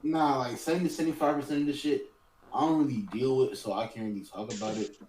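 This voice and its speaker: A man's voice: medium pitch, steady tone, quick pace, over a noisy crowd. A man co-hosting a casual podcast chat, laid-back and slangy, often trailing off and restarting. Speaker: podcast co-host. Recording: roomy mic with faint noise.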